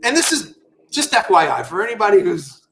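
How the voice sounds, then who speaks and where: High, bright-voiced man telling stories. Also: brisk, gravelly, slight background noise. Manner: animated, profane, full of fillers and asides. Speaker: guest entrepreneur. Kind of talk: casual storytelling interview.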